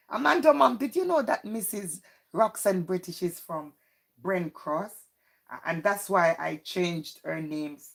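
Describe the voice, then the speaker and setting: A woman's voice: on the low side, vocal fry. A woman hosting a casual live stream, chatty and teasing, greeting viewers by name and reading out their comments.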